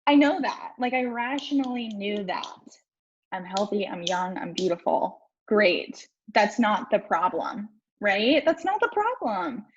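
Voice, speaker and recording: A woman's voice: mid-range voice, big pitch swings, a little slow, husky. A young woman life coach telling her own story on a live stream, frank and swearing casually as she talks to viewers. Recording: dull lo-fi stream audio.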